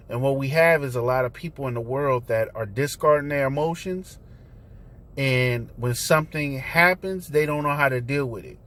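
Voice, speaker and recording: A man with a fairly high-pitched, fairly bright voice hosts a talk vlog from his car. He preaches his point casually, peppering his speech with slang and filler words.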